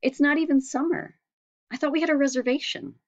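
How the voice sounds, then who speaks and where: A man's voice: very high voice, fairly even intonation, brisk, dull audio, voice pushed up. A woman doing an indignant young boy. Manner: indignant, protesting. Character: spirited young boy, quick to fight.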